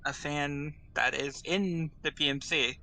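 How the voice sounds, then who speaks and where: A man's voice: on the high side, fairly even intonation, measured pace, sharp tone, slight background noise, low-quality recording. A man playing in a tabletop game, talking in a laid-back way. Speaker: player. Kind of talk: casual tabletop play.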